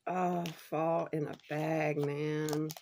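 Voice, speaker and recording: A bubbly woman with a light twang, chatting away as she unboxes a gift and gushes over every item. Her voice sits on the low side with a gravelly fry running through it. She talks casually and laughs easily. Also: little pitch movement, very slow, heavy background noise. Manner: bubbly and gushing, laughs often. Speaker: unboxing vlogger.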